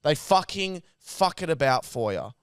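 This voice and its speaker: An Australian man on a podcast tells profane stories with a bright, swinging voice. His tone is clean and smooth. The sound is close and dry. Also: fairly high pitch, a little slow, no echo. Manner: animated, profane storytelling. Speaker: podcast co-host. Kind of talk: casual chat.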